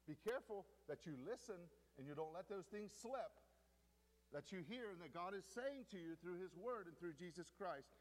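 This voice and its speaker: A man preaching a sermon in a somewhat high voice. He swings from loud, emphatic lines to quiet, hushed ones. His voice rings with the long reverb of a church hall. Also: animated, normal speed.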